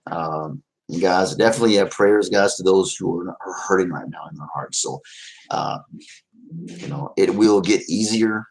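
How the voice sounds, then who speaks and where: A man's voice: low voice, moderate pace, gravelly, rough recording. A man casually chatting to viewers on a livestream, rambling and heartfelt, with many fillers. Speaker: vlogger reading live chat.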